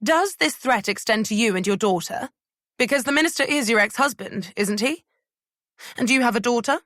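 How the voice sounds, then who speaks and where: A woman's voice: on the high side, animated, a bit bright, dry recording, clean studio sound, pitched above the performer's own voice. A woman voicing a pushy female tabloid reporter who fires off prying questions in a raised voice. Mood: needling. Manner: rapid probing questions, raised insistent voice.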